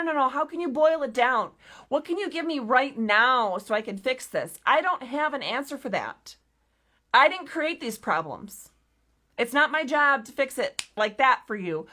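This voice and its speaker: Fervent, bright-voiced woman activist. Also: on the high side. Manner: fervent, repetitive reassurance. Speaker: activist group leader. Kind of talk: direct-to-camera video update.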